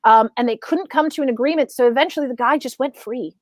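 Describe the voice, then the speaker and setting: A young woman with a slightly high voice rambles through a story, full of ums and restarts. She sounds close and dry, with no room around her. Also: quick pace, no echo. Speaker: podcast co-host. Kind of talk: casual chat.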